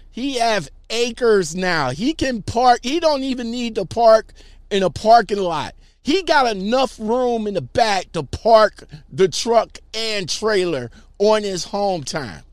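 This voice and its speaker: A man's voice: high-pitched, very animated, slow pace, dry recording. A man casually reading out viewer comments and reacting to them in a rambling, emphatic way, often repeating his words.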